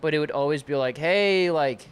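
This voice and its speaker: A man's voice: mid-range voice, a bit bright, clear, resonant tone. A young man telling stories on a casual comedy podcast, laughing often and acting out the people he quotes. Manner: giggly storyteller, quick to laugh, acts out quoted voices.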